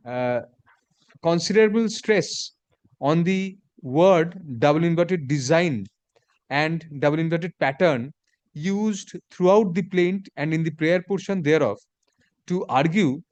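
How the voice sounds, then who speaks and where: A man, speaking as a judge and dictating a court order in measured phrases, saying the punctuation aloud. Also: a little high, darkish tone, dry recording.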